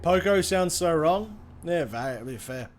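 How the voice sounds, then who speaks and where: Brief: Australian male streamer, somewhat high voice, casual, foul-mouthed, self-mocking humor. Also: expressive, measured pace, a little hiss or hum. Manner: swears freely, jokey and self-mocking. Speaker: game streamer. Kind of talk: casual live-stream chat.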